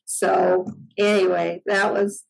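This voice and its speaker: A woman's voice: on the low side, little pitch movement, slow pace, vocal fry, low-quality recording. A middle-aged woman in a podcast interview, telling a story in a casual way and acting out the dialogue with frequent laughter. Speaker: podcast guest.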